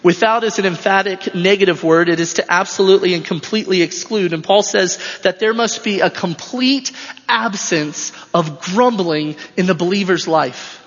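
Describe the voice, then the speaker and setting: A man's voice: high voice, normal speed, a bit bright. A male pastor preaching an expository sermon in a church, emphatic and repeating his phrases for stress. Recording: dull lo-fi sound with long hall reverb.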